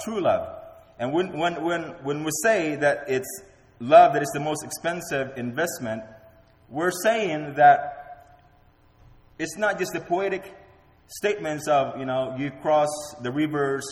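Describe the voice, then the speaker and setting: A male pastor delivers a sermon with emphatic, repeated phrases in a mid-pitched voice. His words ring out in a large, roomy hall with a long reverb tail.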